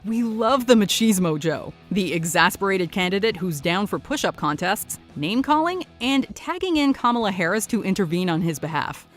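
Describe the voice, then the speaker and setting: A woman's voice: medium pitch, sing-song, moderate pace, hardly any pauses, soft background music. A woman giving scripted, upbeat narration for a countdown video.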